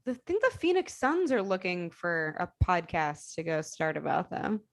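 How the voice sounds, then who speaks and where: A young woman from Chicago with a light Chicago accent, co-hosting a sports podcast in a blunt, teasing, animated way. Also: lowish voice, normal speed, gravelly. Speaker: podcast co-host. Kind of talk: casual sports debate.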